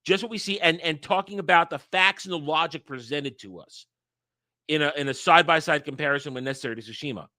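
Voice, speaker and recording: A man delivering an angry, profane rant as the host of a commentary channel, sometimes breaking into shouts. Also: fairly high pitch, quick pace, no echo, studio quality. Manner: heated, profane, shouting at times.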